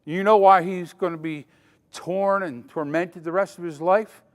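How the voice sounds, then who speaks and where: A man's voice: high-pitched, fairly even intonation, measured pace. An older man giving a dramatic safety lecture at a conference, quizzing the audience as he goes. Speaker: safety trainer. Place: conference hall. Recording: long hall reverb.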